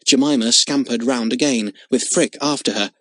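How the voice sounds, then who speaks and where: A man's voice: medium pitch, normal speed, no room sound. Man reading a children's storybook aloud. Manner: expressive, dramatic reading. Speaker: audiobook narrator. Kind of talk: storybook narration.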